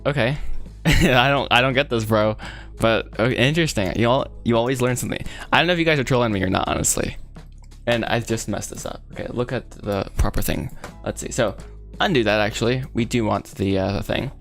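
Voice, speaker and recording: A man's voice: medium pitch, brisk, fairly bright tone, faint music behind. A young man rambling casually and laughing often while he works on a 3D model and chats with viewers. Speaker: 3D artist streaming his work. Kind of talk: casual live chat while working.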